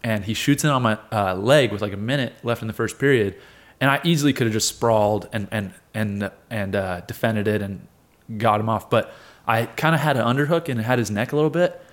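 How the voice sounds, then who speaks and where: A man in his twenties, a guest on an interview show, telling a lively story and acting out what people said, with frequent laughs. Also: lowish voice, a little fast. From United States. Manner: animated storyteller, acts out quotes, laughs often. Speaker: guest, wrestler and fighter.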